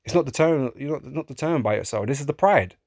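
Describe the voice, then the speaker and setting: A man preaching in a casual, profane way, often laughing, calling listeners man and bro, and reading scripture slowly in old-fashioned wording. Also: mid-range voice, expressive, darkish tone, no echo, studio quality. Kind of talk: street-style sermon, reading scripture.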